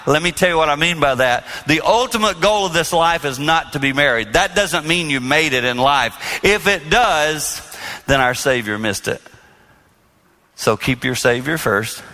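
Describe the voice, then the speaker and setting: A man with a bright, ringing tone delivers a sermon-style talk about marriage to a live audience. He speaks earnestly and with animation, often leaning on an ordinary middle pitch.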